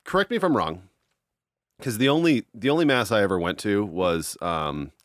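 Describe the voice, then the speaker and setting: A man co-hosting a casual podcast, animated, laughing often and swearing freely. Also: on the low side, moderate pace, no room sound, clean studio sound. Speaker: podcast co-host. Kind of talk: casual chat.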